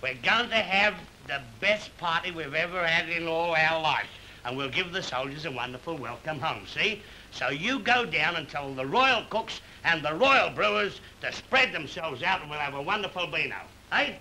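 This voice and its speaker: An actor playing a jolly, boastful comic king in a 1930s film comedy, chatty and excitable, with an Australian accent. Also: a little high, moderate pace, exaggerated voice, poor audio. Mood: jovial. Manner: chatty, excitable, bossy with cheeky asides. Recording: old film soundtrack with faint hiss.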